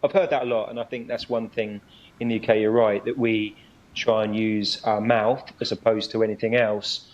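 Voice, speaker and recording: A man's voice: on the low side, little pitch movement, moderate pace. Friendly man on a dull-sounding call. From United Kingdom. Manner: friendly, affirming, hesitant with ums. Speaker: guest police inspector. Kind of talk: casual interview chat.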